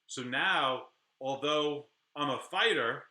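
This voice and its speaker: A middle-aged man, a criminal defense attorney, talking candidly to camera in a rambling, animated way with frequent restarts. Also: on the high side, slow, roomy sound. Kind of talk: casual talk to camera.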